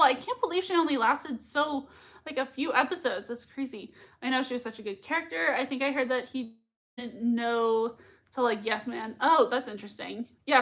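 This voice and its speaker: A woman's voice: sits high, sharp tone. A young woman hosting a live reaction stream, chatting casually as she reads out viewer comments, gushing and laughing often, with lots of fillers. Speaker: livestream reaction host.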